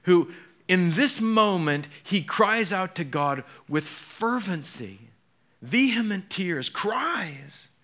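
A male pastor preaching a sermon in an animated way, moving between hushed and emphatic and putting questions straight to his congregation. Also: high voice.

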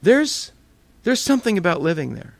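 Animated pastor telling stories. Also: male voice, high-pitched, moderate pace, creaky, no room sound. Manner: animated, acts out voices in his stories. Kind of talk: storytelling sermon.

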